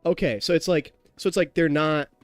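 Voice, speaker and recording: A man's voice: fairly high pitch, brisk, no echo, faint music behind. Tipsy young man rambling on stream. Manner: rambling and chatty, with frequent restarts and laughter, addressing chat. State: tipsy from drinking. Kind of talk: casual live-stream chat while gaming.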